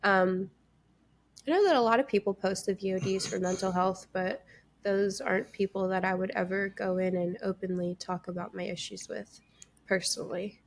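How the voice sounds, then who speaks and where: A young adult woman co-hosting a podcast and chatting candidly, telling animated stories with bursts of laughter. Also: medium pitch, normal speed, creaky. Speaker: podcast co-host and streamer. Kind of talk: casual podcast chat.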